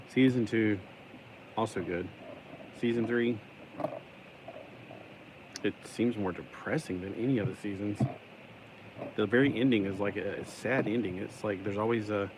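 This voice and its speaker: Low-voiced man rambling through a LEGO build. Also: background noise. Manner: rambling, talks to himself, sings and jokes while building; puts on a stuck-in accent today. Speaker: YouTuber building a LEGO set. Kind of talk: casual build commentary.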